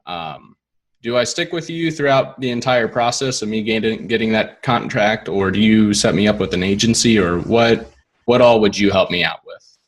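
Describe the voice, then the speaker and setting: A man's voice: on the low side, moderate pace. A man with a Missouri accent hosting a podcast interview in an easygoing, folksy way. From Missouri, United States. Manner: easygoing, laughs along, folksy phrasing. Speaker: podcast host. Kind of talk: casual interview.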